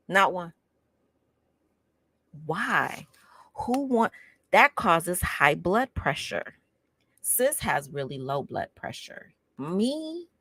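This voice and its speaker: A woman reads from a self-help book, dropping sassy, chatty asides as she goes. Her voice sits a little low yet swings up and down a lot. It is recorded close and dry, with no room sound. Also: bright, forceful tone, dry recording. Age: 50s. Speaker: book club host reading aloud. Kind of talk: casual reading with commentary.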